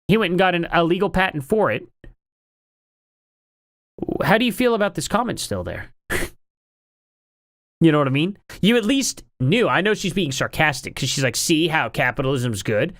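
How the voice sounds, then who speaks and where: Lively, rambling male commentator. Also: high voice, unhurried, long pauses, no room sound, clean studio sound. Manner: rambling, opinionated and incredulous. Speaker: online commentary streamer. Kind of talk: casual commentary.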